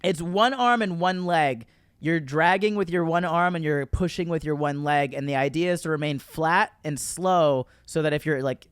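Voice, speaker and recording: Smooth-voiced man telling a story. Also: on the high side, no room sound, studio quality. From Florida. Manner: animated storyteller, laughs while telling, acts out quotes. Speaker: podcast guest, comedian. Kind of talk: casual storytelling chat.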